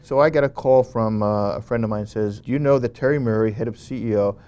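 This interview guest is a man with a lowish, smooth voice who talks fast. He narrates a story conversationally and with energy, peppering it with "you know" and frequent false starts.

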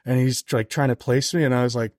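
A man chats as a podcast guest and spins a long, animated anecdote, with plenty of "like" fillers. His voice sits at a middle pitch. The close mic sounds dry, with no room around it. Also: quick pace, dry recording. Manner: animated, heavy on "like" fillers, jumps higher when quoting others. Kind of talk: casual storytelling chat.

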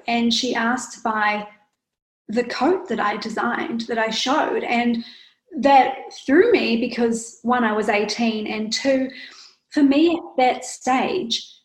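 Animated woman designer in an echoey room. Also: fairly high pitch. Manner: animated storytelling, quick bursts. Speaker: fashion designer guest. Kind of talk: casual interview.

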